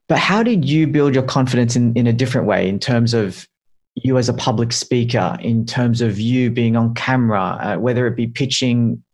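Man interviewing, asking winding questions. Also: mid-range voice. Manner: long, winding questions with restarts. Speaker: podcast host.

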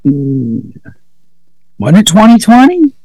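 A man's voice: sits high, huge pitch swings, slow pace, a little mellow, poor audio. A man co-hosting a podcast over a video call, rambling casually with lots of swearing and fillers. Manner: rambling, profane, many fillers. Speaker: podcast co-host. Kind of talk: casual chat.

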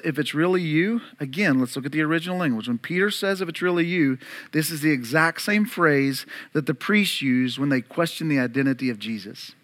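A male pastor with a high, ringing, bright voice preaches an Easter sermon. He speaks with earnest conviction and keeps turning to the congregation with direct questions. His tone is focused and urgent throughout.

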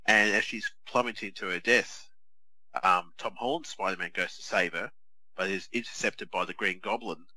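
Chatty man, bright dry voice. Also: sits low, normal speed, no room sound, rough recording. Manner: chatty, animated storytelling with many restarts. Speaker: podcast co-host. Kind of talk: casual chat.

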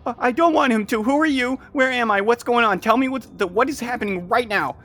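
A high, frightened young girl's voice, put on by a man for a tabletop game, rising sharply in pitch and pushing hard on every word. She fires the same panicked questions again and again. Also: brisk, fairly bright tone, soft background music. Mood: demanding. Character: frightened 13-year-old girl clone.

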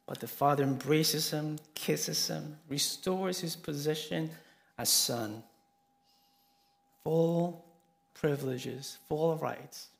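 A man preaching a sermon, telling a story earnestly and swinging between soft and emphatic delivery. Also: mid-range voice, gravelly.

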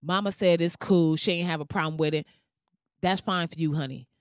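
A woman's voice: fairly low pitch, steady tone, a little fast, clean tone, dry recording, clean studio sound. A woman from the United States delivering a heated, sarcastic, profanity-laden commentary rant to her viewers. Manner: heated, sarcastic, heavy swearing. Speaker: vlogger.

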